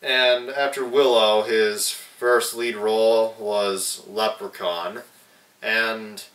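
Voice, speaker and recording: A young man talks through a movie review at a slow, unhurried pace. His profane, rambling delivery is full of restarts, and his voice is bright and forceful. The room's echo makes him sound set back from the mic. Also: medium pitch. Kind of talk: casual movie review vlog. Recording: echoey room, mic at a distance.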